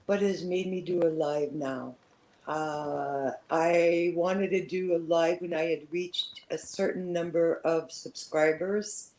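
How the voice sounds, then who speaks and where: A Canadian woman with a faint French-Canadian lilt chats slowly through her first livestream. She pauses often, fills gaps with "uh" and "um," and sounds nervous but thankful. Her voice sits fairly low for a woman. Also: fairly even intonation, darkish tone, low-quality recording. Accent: slight French-Canadian. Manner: hesitant, filler-heavy, nervous and grateful. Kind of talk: casual live-stream chat.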